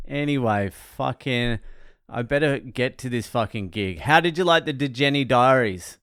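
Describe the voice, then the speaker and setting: Man, sweary self-mocking vlog rant, smooth clear voice, dry close sound. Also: mid-range voice, normal speed, a bit bright, dry recording. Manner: sweary, ranting, laughs at himself. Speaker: comedian and first aid trainer. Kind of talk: casual vlog monologue.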